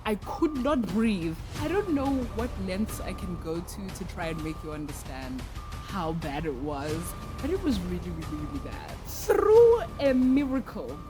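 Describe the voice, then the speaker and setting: A teenage girl, telling a story to her vlog in a candid, dramatic way with casual slang. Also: fairly low pitch. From South Africa. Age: teens. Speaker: vlogger.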